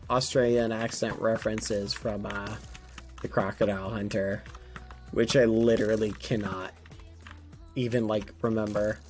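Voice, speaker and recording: A man's voice: on the low side, level tone, a little slow, darkish tone, soft background music. A young American man chatting casually on a livestream, meandering with lots of fillers. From United States. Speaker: streamer.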